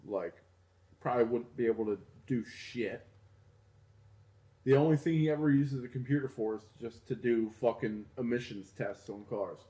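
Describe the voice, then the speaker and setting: A man's voice: mid-range voice, moderate pace, mellow. A young man co-hosting a podcast in casual chat, laid-back and chatty, with lots of "like" fillers. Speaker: podcast co-host. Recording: roomy echo.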